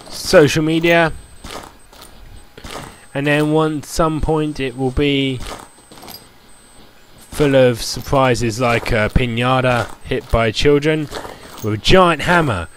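A man's voice: medium pitch, takes it slowly, long pauses, a little hiss or hum. A man giving casual, rambling commentary while playing a building game, chatty and full of "like" fillers. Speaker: gameplay commentator.

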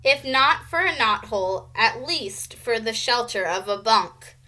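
A woman teacher reading a children's chapter book aloud, slow and expressive. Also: fairly high pitch. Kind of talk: read-aloud narration.

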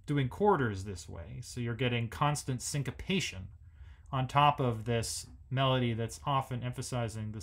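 A man hosting a music lesson, thinking aloud as he analyzes a symphony and sings the rhythms on nonsense syllables. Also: medium pitch. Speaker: music educator host.

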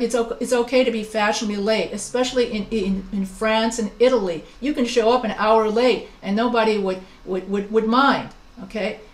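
A woman instructor teaches a business communication class in this recorded lecture, her mid-range voice sounding roomy and the audio poor. She talks in a chatty, anecdotal way, often restarting and wandering into asides.

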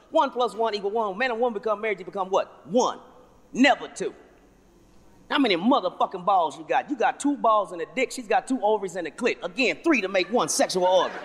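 Profane, high-voiced male stand-up comic. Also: breathy edge. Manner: profane, loud, animated storytelling. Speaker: stand-up comedian. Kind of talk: stand-up comedy. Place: large venue with audience. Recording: live hall with loud crowd.

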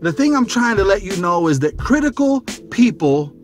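High-voiced man preaching animatedly. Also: moderate pace, soft background music. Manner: animated, conversational preaching with repeated phrases. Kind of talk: devotional video message.

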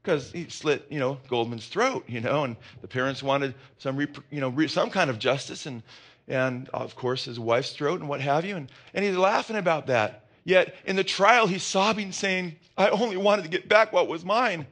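A man preaching a sermon as pastor, impassioned and climbing to high emphatic peaks, asking the congregation questions and answering them himself, with rambling asides. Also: moderate pace, a bit bright.

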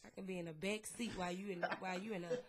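A woman's voice: on the low side, steady tone, rapid-fire. A woman, co-hosting a podcast in casual banter, blunt, profane and teasing. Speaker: podcast co-host.

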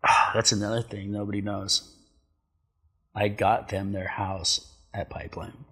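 A middle-aged man, a pro surfer and commentator, telling stories as a guest in a casual chat, profane and animated. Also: lowish voice, a little slow, husky, big-room sound. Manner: profane, animated, acts out quotes.

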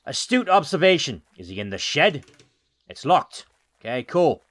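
A man's voice: mid-range voice, very animated, unhurried, fairly bright tone. A man giving jokey, rambling let's play commentary with self-mocking asides. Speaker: gaming YouTuber.

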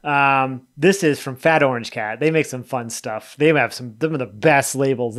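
A man's voice: mid-range voice, normal speed, few pauses, fairly bright tone. A man casually reviewing a beer on his video channel, talking loosely, trailing off and correcting himself as he goes. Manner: rambling and chatty, often trailing off and correcting himself; loose, spontaneous tasting commentary.

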